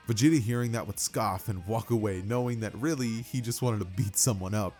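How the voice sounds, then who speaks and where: A man's voice: on the low side, quick pace, hardly any pauses, darkish tone, faint music behind. A man casually narrating a fan-made what-if story, chatty and full of fillers and asides to the listener.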